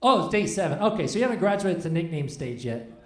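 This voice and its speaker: Male stand-up comic, 40s, light high voice, loose rambling delivery, echoey club room. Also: sing-song, fast, fairly bright tone. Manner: rambling, self-deprecating, chats with the audience. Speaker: stand-up comedian. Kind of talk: stand-up comedy set with crowd work. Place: comedy club stage.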